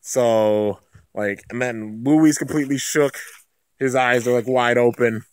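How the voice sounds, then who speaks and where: A man giving a casual, excited recap of an anime episode, rambling with lots of "like" and "you know". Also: mid-range voice, measured pace, clean tone, no room sound. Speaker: anime reviewer.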